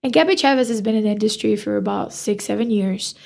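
Animated woman with a creaky voice. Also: medium pitch, fast talker. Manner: animated, acts out quoted dialogue. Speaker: hairstylist guest. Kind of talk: casual storytelling interview.

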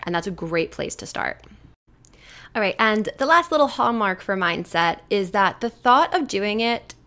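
A woman's voice: medium pitch, expressive, moderate pace, fairly bright tone. A woman coaching on eating habits, talking casually and animatedly, acting out the voices of people she quotes. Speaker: nutrition coach.

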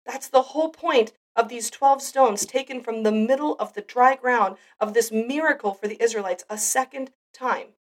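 A woman's voice: on the high side, moderate pace, hardly any pauses, distant mic. A woman hosting a devotional podcast, giving an earnest, heartfelt Bible teaching. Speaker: podcast host.

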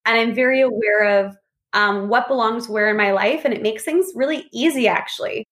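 A woman in casual conversation, telling lively stories and acting out what people said. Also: fairly high pitch, fairly quick. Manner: animated storyteller, acts out quotes. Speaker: podcast guest. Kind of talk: casual chat.

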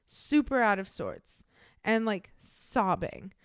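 A woman's voice: mid-range voice, very animated, slow, clear, resonant tone, dry recording, studio quality. A young woman co-hosting a podcast, telling a true-crime story in casual, blunt, profane talk full of fillers. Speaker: podcast co-host.

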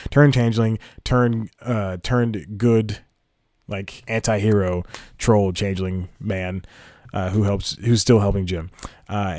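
A man's voice: on the low side, darkish tone, no echo, studio quality. A man hosting a casual podcast, rambling through his thoughts and laughing at his own slip-ups. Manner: rambling, self-correcting, laughs at own slips. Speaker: podcast host. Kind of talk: casual solo podcast talk.

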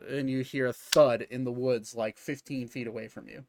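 A man narrating as game master of a tabletop game in a casual, halting way with many fillers. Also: mid-range voice, fairly even intonation, vocal fry, noisy background.

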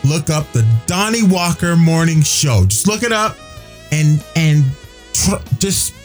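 Radio host, casual on-air chat, preachy, repeats phrases, lively pitch. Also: soft background music. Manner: preachy, emphatic, drawn-out repeats.

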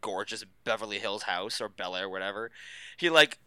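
A woman's voice: very deep voice, lively intonation, normal speed, sharp tone, clean tone, no echo. A young woman co-hosting a podcast, chatting casually, giggling and saying "like" a lot. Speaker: podcast co-host. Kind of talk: casual chat.

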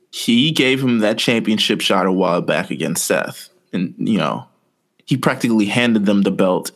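A man co-hosting a podcast, casually rambling through a story with lots of fillers. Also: fairly low pitch. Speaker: podcast co-host. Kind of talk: casual chat.

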